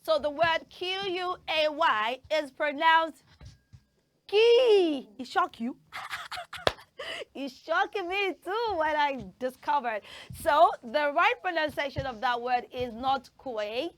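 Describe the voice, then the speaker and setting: A woman's voice: sits high, animated, slow, fairly bright tone, slight background noise. A woman with a Nigerian accent hosting a children's TV show in a studio, teaching pronunciation in an upbeat, coaxing way and drilling words for children to repeat. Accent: Nigerian English. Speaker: children's TV host.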